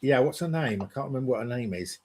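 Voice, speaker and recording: A man's voice: medium pitch, lively intonation, fast talker, a little mellow. A man hosting a casual comics show, upbeat and quizzing his guests. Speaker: host. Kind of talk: casual chat.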